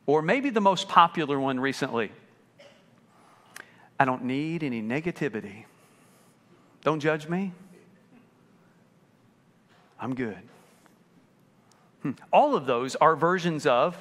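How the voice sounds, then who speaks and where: A pastor preaching a sermon with lively delivery, acting out the voices of people he quotes. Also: fairly high pitch, takes it slowly, long pauses, in a large hall. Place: church sanctuary.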